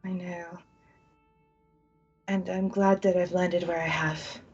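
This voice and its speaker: A soft-spoken young adventurer, played by a woman with a low, gravelly and husky voice. She speaks slowly and reassuringly. The recording is muffled, with faint music behind. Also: flat delivery, full character voice. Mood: warm.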